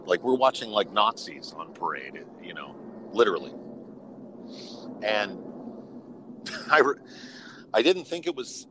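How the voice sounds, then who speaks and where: A man in his fifties, a podcast guest, telling personal stories in a frank, rambling way and often restarting his sentences. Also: deep voice. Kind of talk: personal storytelling in casual conversation.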